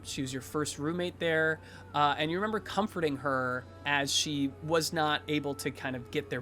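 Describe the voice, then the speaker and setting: A man's voice: on the high side, fairly bright tone. A man narrating a tabletop role-playing game as game master, in a casual, rambling way with many fillers.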